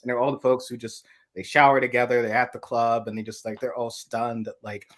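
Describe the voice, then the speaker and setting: A man co-hosting a political live chat, animated and chatty. He slips into quoted voices and laughs through his own stories. His voice sits at an ordinary middle pitch. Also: brisk. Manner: animated storyteller, acts out quoted voices, laughs mid-sentence.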